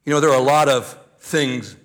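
An older man, a grandfather, preaching a sermon as pastor, reading scripture aloud and then teaching with slow, deliberate emphasis on key words. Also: medium pitch, fairly bright tone.

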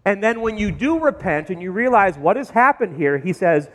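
A male pastor preaching a sermon in a church, talking in an animated way with sudden jumps in pitch and loudness. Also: moderate pace. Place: church sanctuary. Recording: long hall reverb.

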